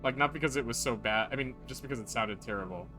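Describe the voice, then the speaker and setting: Over background music, a man with a medium-pitched voice talks quickly as he reads a game's dialogue aloud on a live stream. He chats self-deprecatingly and is reluctant to do character voices.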